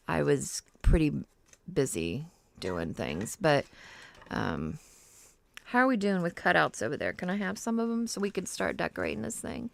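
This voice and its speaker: Gravelly chatty woman crafting. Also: lowish voice, slight background noise. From Ohio, US. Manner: chatty, rambling, with frequent fillers and laughs. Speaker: crafting livestream host. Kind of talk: casual chat while crafting.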